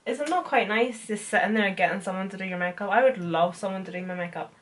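A woman's voice: medium pitch, fast talker. A young woman, chatting casually and teasingly while doing makeup. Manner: playful and teasing, laughs often. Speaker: beauty vlogger. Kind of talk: casual chat.

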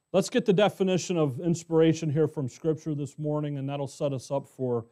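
A middle-aged American pastor teaching verse by verse in a conversational way, often asking the congregation questions. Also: male voice, fairly high pitch, fairly even intonation, normal speed, warm tone. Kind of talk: expository Bible teaching.

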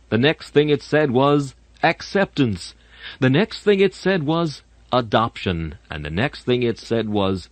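A man's voice: medium pitch, no echo. Dramatic male sermon voice, dry. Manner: dramatic, sweeping rises and falls; solemn, archaic phrasing. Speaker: preacher. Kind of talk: sermon reading.

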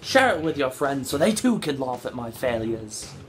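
Exasperated woman gamer yelling fruit words. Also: rumbling low, big pitch swings, moderate pace. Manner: exasperated, yells fruit words in place of curses. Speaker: gaming channel host. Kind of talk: let's-play commentary. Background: background music.

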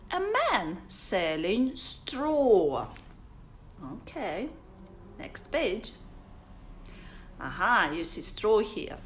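A woman's voice: mid-range voice, big pitch swings, drawn-out words, pauses often. A woman, an English teacher playfully reading a picture book aloud to young children, with sound effects and whispers. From Russia. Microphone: phone on a livestream.

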